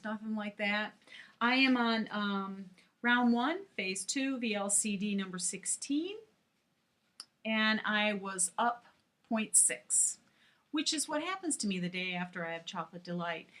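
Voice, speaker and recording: A woman's voice: fairly high pitch, a bit bright. A middle-aged woman chatting frankly to camera in a casual vlog, with many fillers. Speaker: vlogger.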